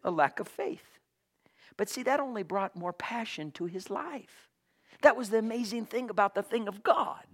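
A man preaching a sermon with great passion, swinging from loud cries to hushed whispers. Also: high voice. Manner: impassioned, swings from shouting to whispers.

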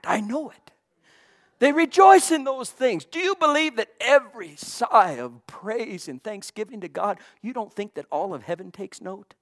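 A pastor delivering a fervent sermon. The delivery rises to loud, ringing exclamations and sinks to hushed near-whispers, with words repeated over and over for emphasis. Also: mid-range voice. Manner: impassioned, swinging from loud exclamations to hushed asides.

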